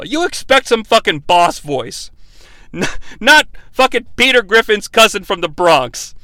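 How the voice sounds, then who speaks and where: A man's voice: sits high, sing-song, normal speed, bright, forceful tone, dry recording. A man hosting a comedic bad-movie review, ranting sarcastically and swearing a lot.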